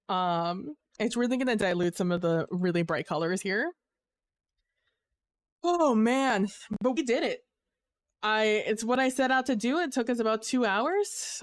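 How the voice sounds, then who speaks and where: A young woman chats upbeat and loose on a live stream, drifting from thought to thought with plenty of ums and restarts. Her voice is smooth and clean, and the sound is dry and close with no room around it. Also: medium pitch, dry recording. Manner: rambling, upbeat, full of fillers and restarts. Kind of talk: casual live-stream chat.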